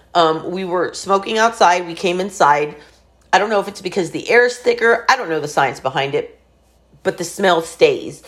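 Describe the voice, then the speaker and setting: A woman in her forties candidly telling a personal family story in a chatty, profane way, with lots of fillers. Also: lowish voice. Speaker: vlogger.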